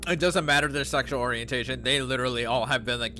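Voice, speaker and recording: A man casually chatting as he livestreams a video game, animated and profane, laughing often. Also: mid-range voice, fast. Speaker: streamer. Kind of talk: casual gaming livestream commentary. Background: faint game music.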